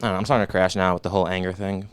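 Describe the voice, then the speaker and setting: A man co-hosting a comedy podcast who rants in mock anger and swears a lot. He talks fast in a smooth, clear voice. The sound is dry and close. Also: deep voice, fairly even intonation, no room sound. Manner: fast, profane, mock-angry ranting. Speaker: podcast co-host. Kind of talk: casual comedic podcast chat.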